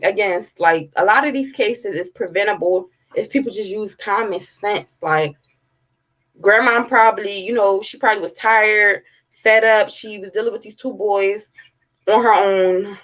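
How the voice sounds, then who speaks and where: A woman's voice: mid-range voice, normal speed, a bit bright, rough recording. A woman, giving blunt, heated, profane commentary in a casual livestream. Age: 30s. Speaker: true-crime commentary host.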